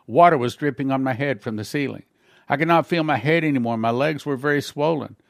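With a mid-range voice, brisk delivery and some vocal fry, a man gives an earnest testimony in a sermon. He tells his story plainly with small slips, acting out other people's dialogue in shifting voices, on a studio-quality recording with no echo.

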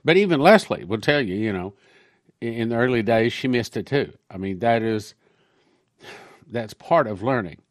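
Man, pastor, conversational sermon, mid-pitched voice, dry close recording. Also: lively intonation, normal speed, long pauses, no echo. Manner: conversational, reads quotations aloud. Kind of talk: sermon-style prophecy talk.

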